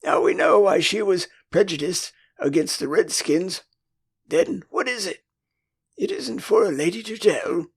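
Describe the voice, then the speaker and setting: A man's voice: high voice, animated, unhurried, vocal fry, husky, no echo, heavily acted. An older man with an English accent voicing a prim, motherly young girl in a storybook audiobook. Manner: prim, earnest.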